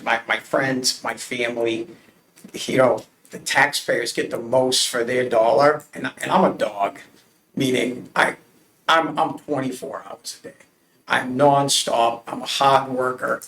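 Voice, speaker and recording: A man's voice: mid-range voice, a bit bright, slight background noise. Earnest man in a roomy council chamber. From Massachusetts. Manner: earnest, emphatic, tells stories with many restarts. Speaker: job candidate at a council committee interview. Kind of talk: answering interview questions. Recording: roomy public meeting audio.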